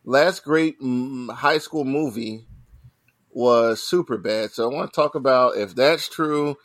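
A man's voice: mid-range voice, takes it slowly, no room sound. Rambling man in his forties, dry sound. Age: 40s. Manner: relaxed, rambling, self-correcting. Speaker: podcast host. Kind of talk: casual group chat.

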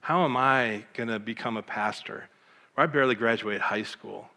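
With a medium pitch at normal speed and a big-room sound, a middle-aged pastor from Michigan shares his life story as personal testimony. He's animated and emotional, performing the quoted voices of the people he describes.

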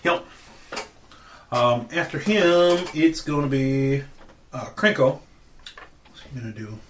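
A man's voice: lively intonation, slow pace, a bit bright, slight background noise. A man narrating as dungeon master of a tabletop game, playful and casual. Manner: playful, puts on squeaky goblin voices.

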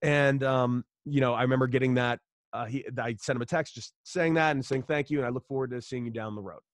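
Man, storytelling, animated, swears, acts out dialogue, dry close sound. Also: mid-range voice, fast, no room sound. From Los Angeles, United States. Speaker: former pro baseball player, guest. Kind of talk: casual storytelling interview.

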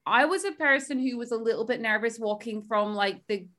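Woman co-hosting, a touch high-pitched, eager and giggly. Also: fairly quick, fairly bright tone. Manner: enthusiastic, laughs while talking. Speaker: podcast co-host. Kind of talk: casual chat.

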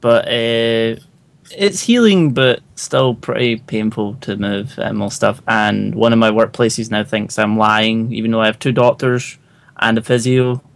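A man's voice: fairly low pitch, fairly even intonation, unhurried, creaky. A man with a British accent co-hosting a casual online chat, easygoing and wry. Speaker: podcast co-host.

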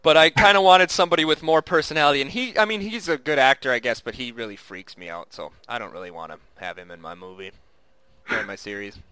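A man's voice: mid-range voice, fast, bright, forceful tone, clear, resonant tone, dry recording. A man co-hosting a casual podcast chat, rambling with restarts and chuckling often. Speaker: podcast co-host.

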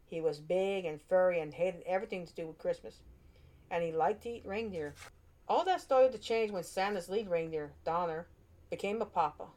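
A woman reads a children's storybook aloud in an expressive way, with small slips and restarts. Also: on the low side, normal speed.

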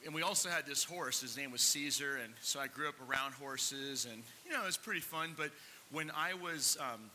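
Chatty pastor, bright voice, echoing hall. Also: male voice, a little high, brisk, a little hiss or hum. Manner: chatty storytelling with many fillers and restarts. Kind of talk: sermon.

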